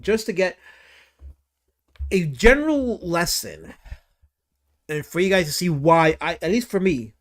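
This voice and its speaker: Excitable high-voiced male streamer, rambling. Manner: rambling, excitable, swears and exclaims often. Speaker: livestream host. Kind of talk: casual livestream commentary reading chat.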